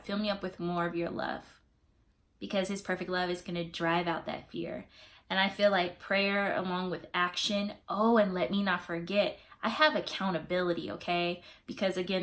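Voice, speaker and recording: A young adult woman with a lowish voice vlogs on YouTube in a casual, expressive way. She offers faith-based encouragement with preacher-like emphasis.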